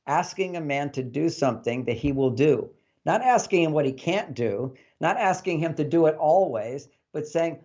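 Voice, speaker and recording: A man giving relationship advice as an interview guest, a lively storyteller who acts out the dialogue he quotes. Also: on the high side, moderate pace, highs cut off.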